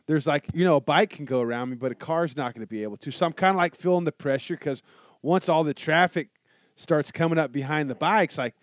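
A man telling a motorcycle story in casual chat, animated and swearing a lot. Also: fairly high pitch, fairly quick, dry recording, clean studio sound. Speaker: guest telling a travel story.

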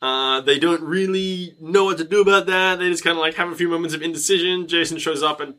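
Bright-voiced man, casual recap. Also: on the high side, quick pace. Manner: animated, profane storytelling with many fillers. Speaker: podcast co-host. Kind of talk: casual film recap chat.

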